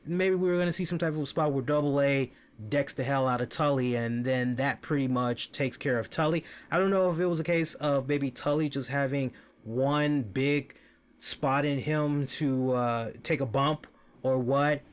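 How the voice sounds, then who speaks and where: A man hosting a wrestling review show, giving casual, animated commentary. He swears freely and often repeats words as he starts a thought. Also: medium pitch, moderate pace, clear, resonant tone.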